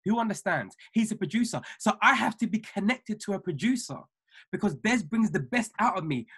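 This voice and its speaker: A man giving an emphatic, repetitive motivational talk to his trading mentees over a video call, building from calm to fiery. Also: sits high, brisk, husky. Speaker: trading mentor.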